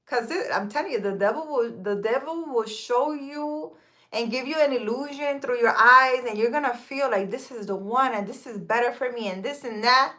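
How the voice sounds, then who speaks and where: A woman in her thirties, her voice on the high side and sharp in tone at normal speed, hosts a live stream outdoors in a park. She gives casual spiritual advice on relationships and faith, earnest and emphatic throughout.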